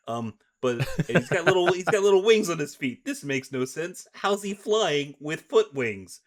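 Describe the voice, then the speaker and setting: A man's voice: a little high, expressive, moderate pace, few pauses. Man reading card text in casual chat. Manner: chatty, hesitant fillers, reads card text aloud. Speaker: podcast co-host. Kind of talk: casual rules discussion.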